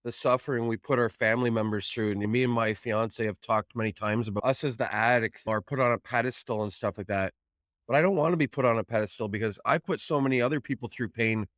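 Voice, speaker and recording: A man's voice: medium pitch, fast talker, no room sound. Podcast host guy, mid voice, casual and supportive, dry close mic. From Canada. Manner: warm and supportive, casual swearing.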